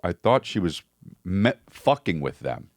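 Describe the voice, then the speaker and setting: Lively-voiced man chatting on a podcast. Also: sits low, no room sound, clean studio sound. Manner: rambling, halting, full of restarts. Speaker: podcast co-host. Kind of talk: casual chat.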